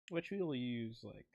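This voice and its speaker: A man's voice: a little high, gravelly, no echo. A young man streaming himself making music, chatting casually, rambling and interrupting himself, often laughing. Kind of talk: casual live-stream talk while producing.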